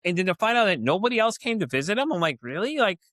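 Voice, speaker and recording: A fast-talking middle-aged man tells a story on a podcast, circling back with lots of fillers and acting out the quotes. His voice is bright and a little high, and it sits close and dry in the recording. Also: very animated, dry recording. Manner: rambling, lots of "you know" and "like", acts out quotes. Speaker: podcast host. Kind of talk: casual storytelling chat.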